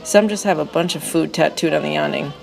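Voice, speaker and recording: A woman reading a personal narrative essay aloud in a wry, excitable storytelling manner. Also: low-pitched, fairly quick, gravelly, soft background music, poor audio.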